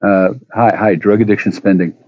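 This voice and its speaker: A man rambling profanely into his phone at home, stammering through restarts and breaking into sudden loud outbursts. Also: fairly low pitch, steady tone, normal speed, no echo, lo-fi sound. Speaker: vlogger. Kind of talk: rambling monologue rant.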